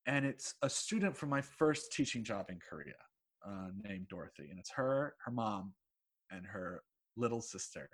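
A man who teaches English telling a personal story in a rambling, excitable way, swearing freely and laughing mid-sentence. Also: mid-range voice, normal speed, husky. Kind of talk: casual anecdote telling.

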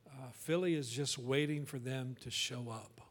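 A man's voice: medium pitch, normal speed. A man, the pastor, speaking earnestly to his congregation and introducing a guest speaker. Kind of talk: sermon.

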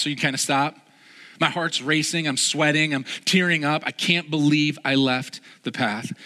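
Male pastor, slightly high, bright voice, animated self-mocking storyteller, long hall reverb. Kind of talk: sermon with personal storytelling. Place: large hall before a live gathering.

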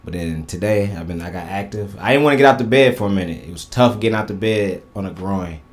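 A man's voice: sits low, fast talker. A man hosting a casual podcast with friends, loose and laid-back, often trailing off mid-sentence. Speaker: podcast host.

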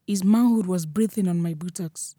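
A young woman with a Nigerian accent telling a first-person story in a steady, matter-of-fact way. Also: fairly low pitch, normal speed, no echo. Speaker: narrator.

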